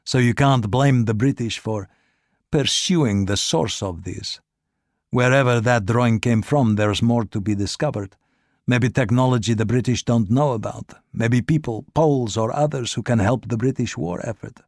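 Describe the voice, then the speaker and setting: Obsequious educated male agent, smooth and coaxing, voiced by the male narrator, mid pitch, dry. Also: moderate pace, a little mellow, dry recording, lightly acted. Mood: persuasive. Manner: smooth, persuasive, questioning.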